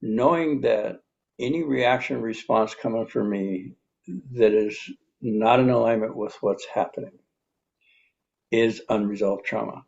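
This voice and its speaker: A man in his seventies giving a reflective teaching talk, unhurried, pausing often and repeating calm self-affirmations. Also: fairly low pitch, creaky, highs cut off. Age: 70s. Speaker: speaker on personal healing.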